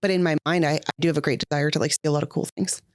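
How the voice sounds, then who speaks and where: A woman's voice: deep voice, fairly even intonation, rapid-fire, no echo, clean studio sound. A woman in her thirties from Canada, a mother co-hosting a podcast, talking candidly with a wry humour and frequent laughter. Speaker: podcast co-host. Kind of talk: casual chat.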